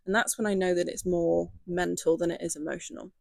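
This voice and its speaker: A young woman talks to her viewers in a relaxed, gentle way, padding her sentences with fillers. Her voice has a gravelly, fry-tinged texture. The sound is close and dry, with no room echo. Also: fairly low pitch, a little fast. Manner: chatty and gentle, many "like" and "um" fillers. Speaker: lifestyle video creator. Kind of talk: casual talk to camera.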